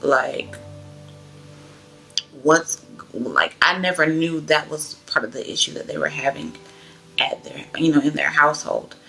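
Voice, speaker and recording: A woman's voice: low-pitched, very animated, unhurried, gravelly, long pauses, bright, forceful tone, faint music behind. A young woman from Georgia, telling her personal testimony in a chatty, loose way full of fillers. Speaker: vlogger sharing her testimony. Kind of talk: casual personal storytelling.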